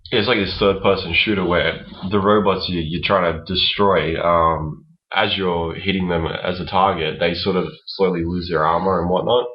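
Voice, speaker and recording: Australian man, low voice, laid-back teasing chat, muffled lo-fi sound. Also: fairly even intonation, normal speed, hardly any pauses. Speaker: podcast co-host. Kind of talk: casual chat. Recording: dull lo-fi recording.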